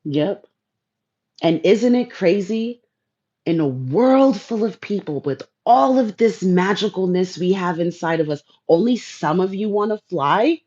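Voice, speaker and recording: A woman's voice: mid-range voice, lively intonation, measured pace, warm tone, lo-fi sound. A woman hosting a casual spiritual livestream, laid-back and playful, talking straight to viewers in her chat. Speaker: livestream host.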